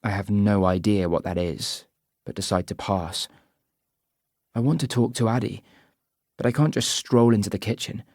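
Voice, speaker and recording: A man reading a first-person audiobook narration in an even, measured way. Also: lowish voice, dry recording, studio quality.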